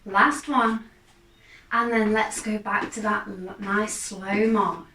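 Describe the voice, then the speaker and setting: A woman, a fitness instructor, calmly guiding a gentle exercise class with steady, encouraging cues. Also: mid-range voice. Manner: calm, encouraging, unhurried cues. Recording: echoey room, mic far off.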